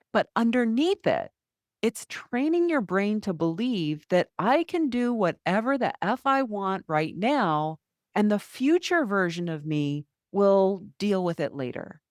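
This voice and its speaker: A woman's voice: medium pitch, no room sound, clean studio sound. A middle-aged woman hosting a solo podcast as a health coach, talking candidly and conversationally, often acting out inner thoughts.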